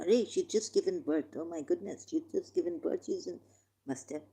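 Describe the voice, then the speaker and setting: A woman reading scripture aloud and commenting on it with passion, slowing down for the verses and pausing with hesitations. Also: fairly low pitch, warm tone, breathy edge. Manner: impassioned, reads verses slowly with hesitations. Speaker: religious commentator.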